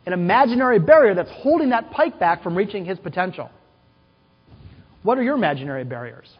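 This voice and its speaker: Animated man speaking in a conference hall. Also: high-pitched, husky. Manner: animated, storytelling with quoted voices and questions to the audience. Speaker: keynote speaker. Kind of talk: conference keynote storytelling. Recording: dull, hall-echoed conference recording.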